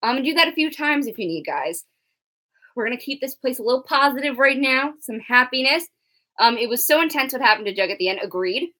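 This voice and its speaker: Young woman doing a live stream chat, bright tone, lots of ums and laughs. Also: high-pitched, animated, a little fast. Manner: chatty, giggly, filler-heavy. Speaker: co-host. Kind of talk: live show discussion, reading chat comments.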